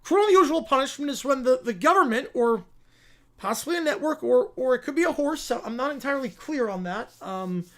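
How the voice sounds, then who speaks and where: A man's voice: very high voice, animated, brisk. A bumbling Canadian lawyer, put on by a man stumbles through his words. He stammers, repeats himself and apologizes to everyone in sight. His voice is jittery and eager in a comedy courtroom skit. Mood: flustered.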